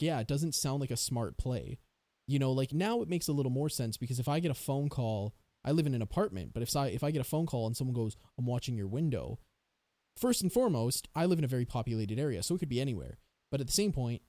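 A man's voice: mid-range voice, warm tone, no echo. A man hosting a casual true-crime podcast, rambling and sarcastic as he thinks aloud. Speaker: podcast host.

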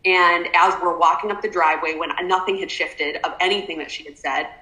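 A woman guest telling a personal story in an animated, emotional way, with lots of fillers. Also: lowish voice, brisk. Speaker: podcast guest. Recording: roomy echo.

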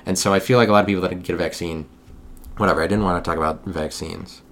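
A young man hosting a solo podcast, talking in a meandering monologue with frequent restarts, sometimes getting loud when riled. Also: sits low, fairly even intonation, fast talker. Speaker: podcast host.

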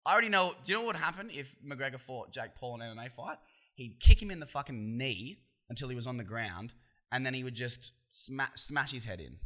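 A man's voice: medium pitch, pushed and bright. An Australian man hosting a solo podcast, talking casually in a profane, opinionated, rambling way with frequent restarts. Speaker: podcast host.

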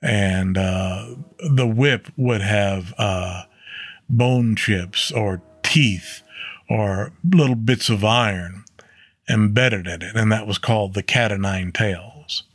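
Slow, earnest man teaching the Bible. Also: on the low side, breathy edge, dry recording. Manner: slow and earnest, with fillers and self-corrections. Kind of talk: casual Bible study talk.

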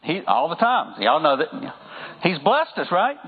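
A man's voice: on the high side, huge pitch swings, measured pace, breathy edge. A man with a Southern accent preaching a sermon to a congregation, talking in a conversational way and asking them for amens. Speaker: pastor. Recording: phone-like sound with long hall reverb.

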